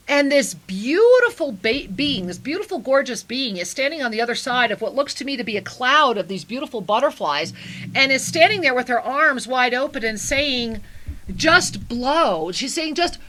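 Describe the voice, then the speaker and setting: A woman's voice: sits high, bright, forceful tone, slight background noise. A woman hosting a spiritual call-in radio show, giving soul readings in an effusive, endearing way. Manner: effusive, endearing, calls callers angel and honey.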